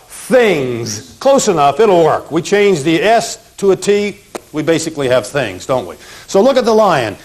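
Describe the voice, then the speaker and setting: A man teaching a memory lesson from pictures, animated and punny, having his audience repeat phrases after him. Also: high-pitched.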